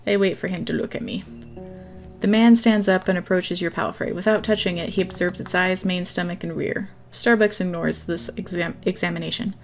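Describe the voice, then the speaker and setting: A woman's voice: on the low side, fairly even intonation, a little fast, soft background music. A woman hosting a gaming channel, reading a text game aloud in a casual way with small slips and chatty asides.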